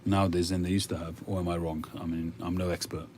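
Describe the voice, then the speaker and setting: A man's voice: low voice, little pitch movement, fast, darkish tone, slight background noise. A man hosting a livestream, chatting casually and musing aloud with frequent hesitations as he answers viewer comments. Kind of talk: casual chat.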